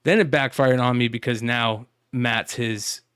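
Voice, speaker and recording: A man's voice: mid-range voice, unhurried, clear, resonant tone, no echo, clean studio sound. A man telling stories on a casual podcast, swearing freely and acting out the conversations he recounts. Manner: animated storytelling, profane, acts out quoted exchanges. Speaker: co-host.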